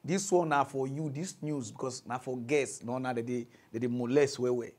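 A Nigerian man hosting a comic mock news show, ranting and mocking in a voice that swings between shouting and muttering. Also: mid-range voice, fairly even intonation, normal speed. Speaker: comedic mock news host. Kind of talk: comic rant in Pidgin.

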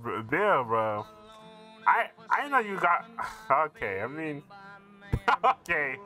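A man hosting a reaction video, giving casual, profane commentary full of laughs and excited asides. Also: medium pitch, slow, pauses often, soft background music.

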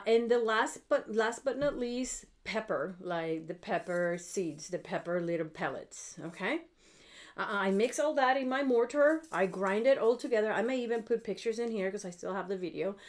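A middle-aged woman, talking viewers through a spell in a blunt, chatty way, swearing freely and often checking in with them. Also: medium pitch. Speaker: witchcraft video host. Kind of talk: casual spell tutorial.

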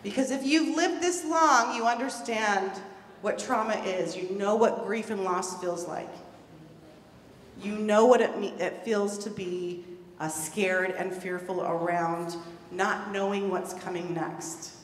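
A woman presenting at a conference gives an earnest, emphatic talk, stressing and repeating key words. She speaks slowly in a medium-pitched voice. The recording is made in an echoey hall, far from the mic, with a faint hum.

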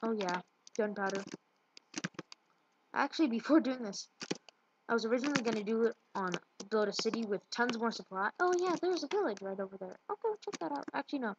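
A woman's voice: fairly high pitch, animated, a little fast. A woman giving casual gameplay commentary, rambling and tripping over her words. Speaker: let's play gamer. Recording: muffled lo-fi with loud hiss.

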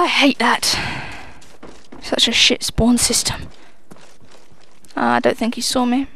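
A young female gamer commentates live in a bright, forceful voice on the high side, with flat delivery, a slow pace, and long pauses. Her running banter is full of swearing and self-mockery.

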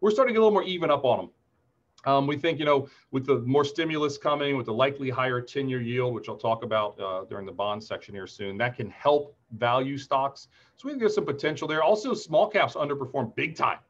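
A man's voice: medium pitch, quick pace, highs cut off. A man in his forties from Ohio, giving a webinar market outlook in a chatty, upbeat way and telling anecdotes between the chart talk. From Ohio, USA. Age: 40s. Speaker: market strategist presenter. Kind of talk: webinar presentation.

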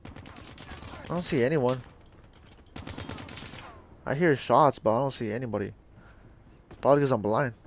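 A man's voice: medium pitch, a little slow, pauses often, a little hiss or hum. A young adult man giving casual, joking, profane commentary while playing a shooter game. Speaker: gamer.

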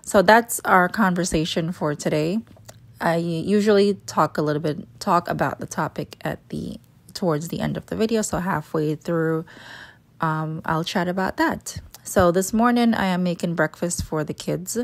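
A woman's voice: fairly low pitch, moderate pace. A woman in her thirties with a Jamaican accent, chatting casually through her morning kitchen routine as a vlogger. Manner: relaxed, chatty, explaining routine step by step. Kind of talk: casual vlog narration. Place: home kitchen.

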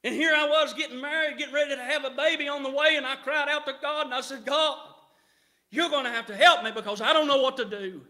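A middle-aged man preaching a revival sermon in a church, rising to shouts and punctuating his points with amen. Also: very high voice, fairly even intonation, fast talker.

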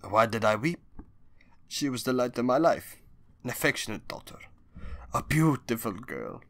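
A man reading an audiobook, voicing a grieving older undertaker who pleads in a low, quiet voice. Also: expressive, moderate pace, creaky, no room sound. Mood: bitter. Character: grieving older male undertaker begging for justice.

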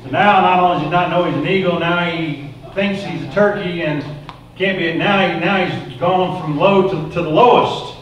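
A man telling a folksy parable as part of a sermon, in an animated, casual way. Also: high-pitched, moderate pace, slight background noise. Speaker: preacher. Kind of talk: sermon storytelling. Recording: echoey room, mic far off.

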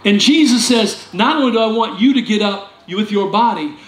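Animated high-voiced man preaching in church. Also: moderate pace. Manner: animated, jokey preaching with sudden loud outbursts. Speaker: pastor. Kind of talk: sermon. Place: church sanctuary. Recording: echoey church room with faint ambience.

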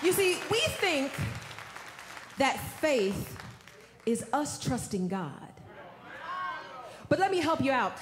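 A woman preaching a sermon, telling a story in a folksy way that swings from hushed tones to shouts. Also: high voice, very animated, slow, long pauses, roomy sound, crowd noise, noisy background.

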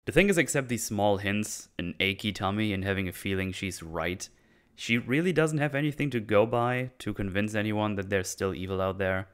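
A man's voice: on the low side, moderate pace, clean tone. A man hosting a casual recap, sarcastic and irreverent as he mocks plot holes. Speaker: channel host reviewing a series.

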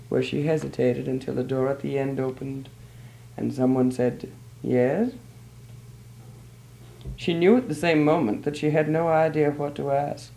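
A man narrating a short story in a measured, even storytelling manner. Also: a little high, vocal fry, low-quality recording.

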